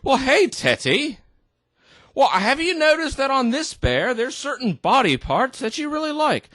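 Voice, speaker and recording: A man's voice: very high voice, big pitch swings, a little slow, fairly bright tone, no room sound, studio quality, pitched above the performer's own voice, exaggerated voice. A tipsy man putting on an accent to voice a prim, condescending woman teacher explaining things to a teddy bear. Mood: patronizing. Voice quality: put-on accent. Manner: sing-song, condescending explaining.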